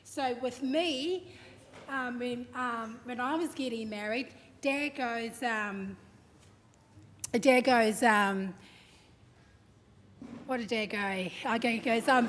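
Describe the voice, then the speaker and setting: A woman's voice: a little high, takes it slowly, long pauses, a bit bright. A woman gives a family tribute at a service. She tells stories in a chatty way, with many ums and you-knows. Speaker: daughter giving a family tribute. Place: church hall. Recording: reverberant hall, faint background noise.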